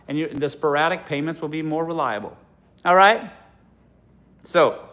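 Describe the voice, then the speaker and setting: Man, comic livestream monologue, slightly high voice, laughs often, loose delivery. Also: fairly bright tone. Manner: loose, addresses audience with y'all, laughs often. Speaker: comedian.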